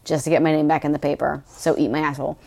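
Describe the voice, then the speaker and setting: A woman's voice: deep voice, flat delivery, rapid-fire, creaky, dark tone, voice pushed down. A woman voicing a crude, brash man who is blackmailing someone, swaggering and vulgar. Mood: defiant.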